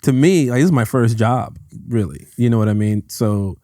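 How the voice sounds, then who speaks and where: A man who is a guest on a podcast, telling animated, self-mocking stories in casual chat. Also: medium pitch, normal speed, dry recording, clean studio sound. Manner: animated, self-deprecating storyteller. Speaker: guest actor.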